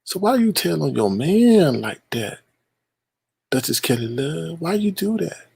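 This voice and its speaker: A man's voice: fairly high pitch, very animated, unhurried, vocal fry, darkish tone, breathy edge, dry recording. A man hosting a livestream, teasing and shady as he reads viewer chat aloud and gives gossip commentary. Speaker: livestream host reading chat.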